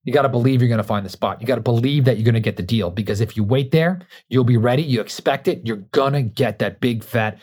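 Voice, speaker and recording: A man's voice: mid-range voice, fast, few pauses, a little mellow, slightly rough. Emphatic male business coach. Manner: emphatic, repeats words for stress, varies pace a lot. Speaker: podcast host and coach. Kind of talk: motivational business talk.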